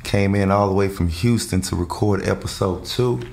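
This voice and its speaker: A man's voice: low-pitched, normal speed, gravelly, a little mellow, slight background noise. A man hosting a podcast interview, laid-back and slangy, hyping up his guest. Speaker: podcast host. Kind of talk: casual interview chat. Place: studio.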